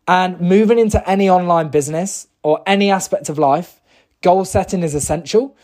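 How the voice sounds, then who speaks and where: A man's voice: on the high side, darkish tone. A man from the UK, talking casually and enthusiastically as he tells a personal story and turns it into a motivational message, with lots of fillers and restarts. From United Kingdom. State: briefly emotional. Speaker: motivational speaker.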